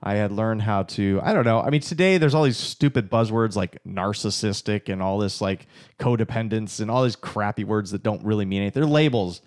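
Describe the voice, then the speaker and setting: A man tells his own story candidly and with animation. He pokes fun at himself in a relaxed, conversational way. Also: lowish voice, fairly quick. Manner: candid, animated, self-deprecating. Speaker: podcast co-host, husband. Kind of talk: casual storytelling talk.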